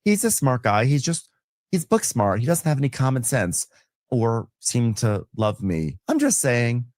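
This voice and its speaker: Lively man recapping with a dry close sound. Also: measured pace, no echo. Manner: animated, jumps into high mocking voices when quoting. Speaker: podcast co-host. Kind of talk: casual recap chat. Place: home room.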